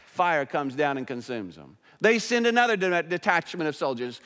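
A male pastor delivering a sermon in a church, earnest and swinging between emphatic and hushed. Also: a little high, big pitch swings, normal speed. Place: church sanctuary. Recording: church hall reverb.

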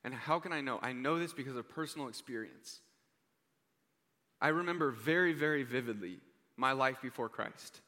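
A young man preaching a sermon, earnest and heartfelt, often dropping to a hushed voice on key points. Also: mid-range voice, a little fast. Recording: reverberant hall.

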